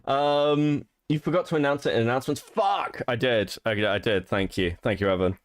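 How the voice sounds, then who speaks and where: A man's voice: mid-range voice, normal speed, no echo. A man co-hosting a reaction stream, mocking and sweary, laughing often. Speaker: stream co-host.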